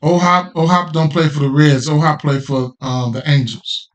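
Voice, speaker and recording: A man's voice: a little high, fairly even intonation, normal speed, slight background noise. A man hosting a sports betting podcast, talking through his picks in a loose, slangy way, often repeating himself and checking in with "right?". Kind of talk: casual betting picks talk.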